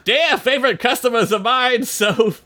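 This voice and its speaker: A man's voice: very high voice, normal speed, bright, forceful tone, a little hiss or hum, voice pushed up. A man voicing a cocky, sassy male gossip columnist.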